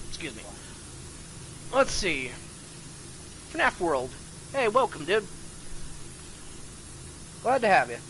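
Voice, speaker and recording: A man's voice: sits high, sing-song, takes it slowly, vocal fry, pauses often, fairly bright tone, a little hiss or hum, poor audio. A young man streaming a game live, chatting casually, reading chat aloud and swearing freely.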